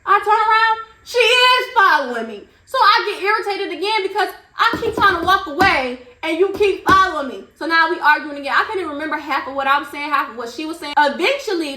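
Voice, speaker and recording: Young woman, high bright voice, animated slangy storytelling. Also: reverberant. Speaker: vlogger. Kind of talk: storytime vlog.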